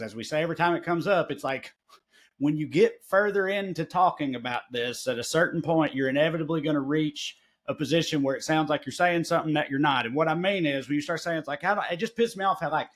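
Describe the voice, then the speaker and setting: A man's voice: mid-range voice, a bit bright. A middle-aged man with a Southern US accent, a comedian hosting a podcast, talking in a loose, profane, rambling way. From American South. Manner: rambling, profane, quick asides. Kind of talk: casual podcast chat.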